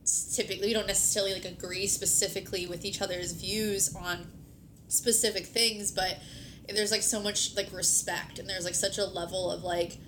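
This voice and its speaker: Over a noisy, low-rumbling recording, this podcast host talks casually with her partner. She keeps her intonation fairly even and her pace moderate, peppering her speech with "like" and the occasional swear word.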